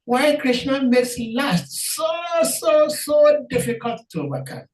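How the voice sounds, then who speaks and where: Slow, earnest participant, distant mic, roomy echo on call audio. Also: high-pitched, expressive. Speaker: participant and moderator. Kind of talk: reflective casual talk.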